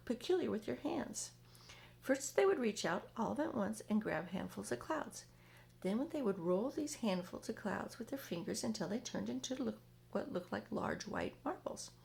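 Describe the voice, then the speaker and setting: Woman reading a kids book out loud, expressive, bit of vocal fry. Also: fairly high pitch, slight background noise. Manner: expressive, dramatic read-aloud. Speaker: storyteller. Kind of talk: reading a children's book aloud.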